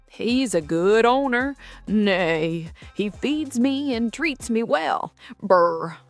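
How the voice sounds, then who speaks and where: A content talking horse, voiced by a woman, drawling slowly and neighing between words. It is told as a storybook joke, with faint music running behind. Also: a little high, animated, pitched above the performer's own voice. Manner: slow, neighing.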